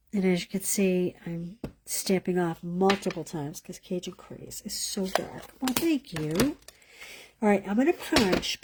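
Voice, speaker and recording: A woman's voice: medium pitch, warm tone, slight background noise. A woman leading a live card-making class, chatting as she demonstrates and thinking aloud, sometimes dropping to a whisper as she works.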